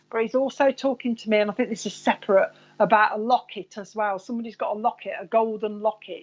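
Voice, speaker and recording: A woman's voice: mid-range voice, highs cut off. A woman psychic medium giving live readings to viewers, chatty and rambling, calling people by name.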